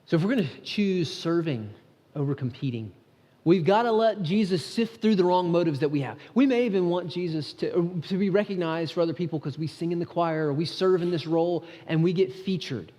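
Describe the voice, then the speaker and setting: In a church sanctuary, a male pastor preaches earnestly and conversationally, often restarting his sentences. His voice is a little high, fairly quick, and dark, and the hall adds a long reverb.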